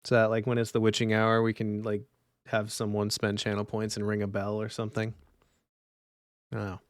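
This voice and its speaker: In a clean, room-free studio recording, a man with a fairly low, smooth voice talks briskly in a monotone. He plays a solo card game on stream, reading rules under his breath and chatting casually with his viewers.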